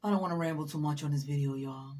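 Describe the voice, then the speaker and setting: A woman's voice: deep voice, fast, warm tone. A woman talks straight to the camera with a motivational message. She is blunt and emphatic, swears freely, and lectures the viewer directly. She sounds a little tired. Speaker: motivational vlogger. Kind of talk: casual motivational talk to camera.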